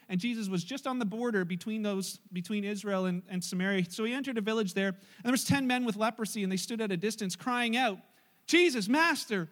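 A male pastor preaching a sermon, telling stories in an animated way and acting out the voices. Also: high voice. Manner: animated storytelling with acted-out voices.

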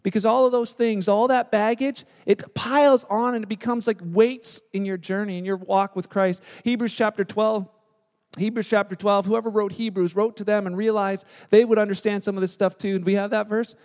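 A male pastor preaching a sermon in a relaxed, conversational storytelling way. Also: sits high, normal speed, big-room sound.

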